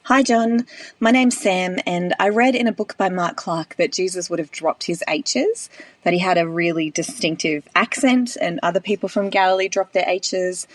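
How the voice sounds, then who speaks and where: A woman's voice: fairly low pitch, normal speed, no echo. Brief: curious woman sending in a question, slightly distant from the mic, dry. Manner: earnest, curious, slightly hesitant. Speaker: listener asking a question. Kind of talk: recorded voice question.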